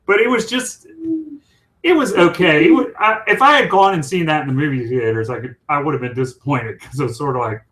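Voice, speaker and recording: A man's voice: fairly high pitch, a little fast, a bit bright, low-quality recording. A man co-hosting a casual chat show, talking in a rambling, chatty way. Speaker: co-host.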